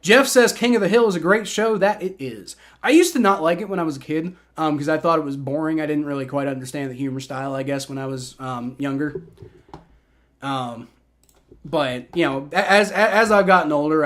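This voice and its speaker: A man in his twenties hosts a livestream, blending play-by-play with reactions to chat. His voice is fairly high and fairly bright, fairly quick, and he rambles with repeated words and fillers.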